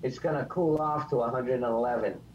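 A man's voice: medium pitch, brisk, a little mellow, lo-fi sound, a little hiss or hum. A man chatting as a guest, mostly agreeing in short replies in a dry, easygoing way. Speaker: panel guest. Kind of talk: casual chat.

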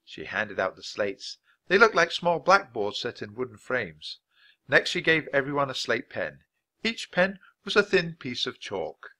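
Bright, lively male storybook narrator. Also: medium pitch. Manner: clear, unhurried storytelling. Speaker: audiobook narrator. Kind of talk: reading a children's book aloud for English learners.

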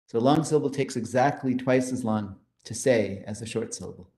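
A man's voice: medium pitch, a little fast, mellow, roomy sound, a little hiss or hum. A man giving a mathematics conference lecture, explaining step by step with enthusiasm and often checking in with "right?".

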